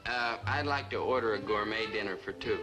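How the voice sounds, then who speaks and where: A man's voice: fairly low pitch, fairly quick, music in the background, natural voice. An actor playing an eager young male student who woos in a mock-suave manner, in a 1960s sitcom.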